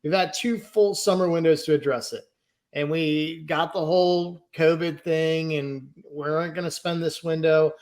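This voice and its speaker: A man with a fairly high voice rants about his team's choices on a podcast, frustrated and blunt. He swears often and comes back to the same point again and again. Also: steady tone, moderate pace, a little mellow. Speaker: podcast co-host. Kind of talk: heated casual podcast chat.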